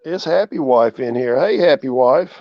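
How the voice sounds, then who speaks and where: A man, relaxed and chatty, hosting a casual livestream from his porch and greeting viewers by name. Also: medium pitch, normal speed, dry recording. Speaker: channel host. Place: outdoors on a porch. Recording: dull, dry lo-fi sound.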